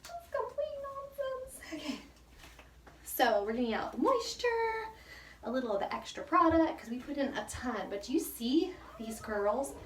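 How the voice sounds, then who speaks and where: A woman's voice: fairly high pitch, background noise. Chatty breathless woman in an echoey bathroom. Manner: chatty and self-mocking, laughs often. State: out of breath from the heat. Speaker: hair care vlogger. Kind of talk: casual hair tutorial. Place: hot bathroom. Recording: echoey bathroom, mic at a distance.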